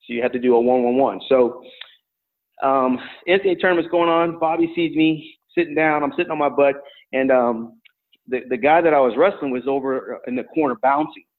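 A middle-aged man, a former college wrestler and coach, tells stories in an interview in a relaxed, rambling way with many fillers. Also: mid-range voice, fairly quick. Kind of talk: storytelling in an interview. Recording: tinny phone-like line.

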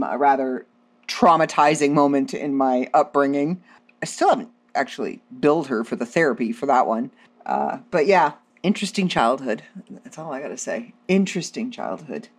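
A woman hosts a podcast and tells funny stories from her own life in a casual way. Her voice sits low, but it swings up and down a lot as she gets animated. She pokes fun at herself as she goes. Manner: animated, self-deprecating, laughs often. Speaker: podcast host. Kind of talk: casual comedic storytelling.

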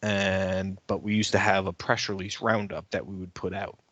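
A podcast co-host with a fairly low voice tells a story in a loose, conversational way. He is animated and ranty and grows heated as he goes. The sound is dry and close, with no room echo. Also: normal speed, muffled recording. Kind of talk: casual chat, storytelling.

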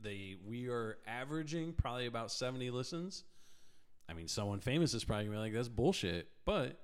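A man's voice: medium pitch, expressive, quick pace, smooth. A man co-hosting a podcast in casual chat, laughing often and cutting in on his co-host.

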